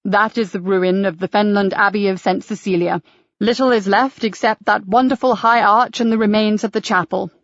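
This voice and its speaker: A woman's voice: mid-range voice, fairly even intonation, brisk, no room sound, highs cut off, lightly acted. A woman voicing a theatrical male church tour guide in an audiobook, with polished, showman-like patter. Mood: genial.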